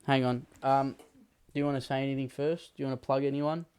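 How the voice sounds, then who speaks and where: A man's voice: medium pitch, little pitch movement, fast, darkish tone, clean tone. A laid-back man co-hosting a casual podcast, swearing freely and telling jokes. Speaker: podcast co-host.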